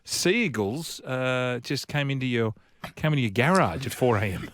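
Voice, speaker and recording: A man's voice: medium pitch, lively intonation, moderate pace, fairly bright tone, no room sound. A man co-hosting a sports radio show in playful, joking banter. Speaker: radio co-host. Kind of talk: casual radio chat.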